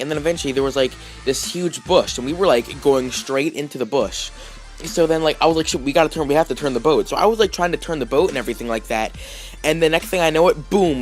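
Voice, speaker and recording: A man vlogging, telling a story casually with lots of fillers, restarts and "like"s. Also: on the high side. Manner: rambling, heavy with fillers and restarts.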